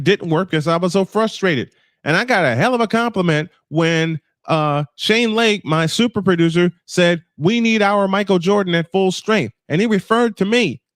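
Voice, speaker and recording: A man's voice: high-pitched, no room sound, studio quality. A man in his fifties venting in an emotional personal monologue, angry and frustrated, swearing and repeating himself for emphasis. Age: 50s. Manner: angry, frustrated, profane outbursts; emphatic repetition. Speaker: livestream host. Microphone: camera off, voice only.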